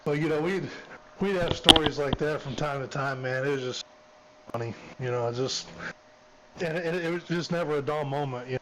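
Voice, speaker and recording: A man's voice: a little high, moderate pace, bright, forceful tone, a little hiss or hum, rough recording. A former police officer, a man, telling a long story in casual chat, repeating words and "he said" often.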